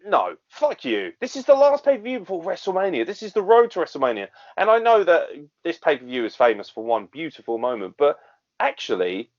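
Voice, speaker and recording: A man with a fairly high-pitched voice co-hosts a wrestling review podcast, speaking briskly and very animatedly. His casual chat turns into an exasperated, sweary rant punctuated by frequent laughs, all in dull lo-fi podcast audio.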